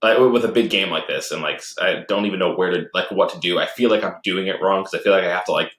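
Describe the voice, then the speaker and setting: A man's voice: low-pitched, fast talker, fairly bright tone. A man co-hosting a casual podcast, telling a long gaming story with lots of fillers, restarts and laughter. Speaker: podcast co-host. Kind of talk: casual chat about games and movies. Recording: roomy echoey home recording.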